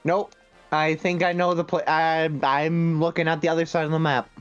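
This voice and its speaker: A man playing along with a friend's stream, making relaxed, matter-of-fact remarks over voice chat. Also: fairly high pitch, normal speed, clear, resonant tone, dry recording, highs cut off, faint music behind. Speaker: co-player friend. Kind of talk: casual gaming chat.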